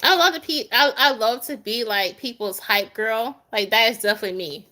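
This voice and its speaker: A woman's voice: fairly high pitch, a little fast, sharp tone. A young adult woman doing a live tarot reading, chatting with viewers by name in a goofy, easygoing way and laughing often. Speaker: tarot reader.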